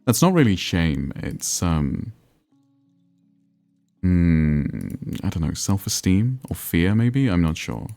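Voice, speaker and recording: Faint music sits behind a low, creaky, mellow male voice that is slow and sing-song with many pauses. He's playing a geography game on a livestream, meandering through conversation, answering chat, and making fun of himself.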